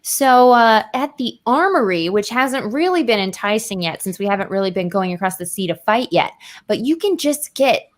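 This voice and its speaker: A woman with a Midwestern accent hosting a game stream over a video call, upbeat and quick to laugh. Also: medium pitch, lively intonation. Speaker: host explaining game rules.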